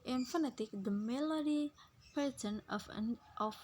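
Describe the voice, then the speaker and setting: A young woman student, a native Indonesian speaker, reading a phonology class presentation aloud slowly and carefully, with a few hesitant restarts. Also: fairly high pitch, darkish tone, poor audio. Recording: faint background noise.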